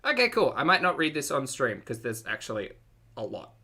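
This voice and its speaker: Wry, bright-voiced Australian man commentating. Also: medium pitch, big pitch swings, brisk, slightly rough. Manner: dry, wry asides between readings. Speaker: reaction commentator. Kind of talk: commentary over a livestream, reading aloud.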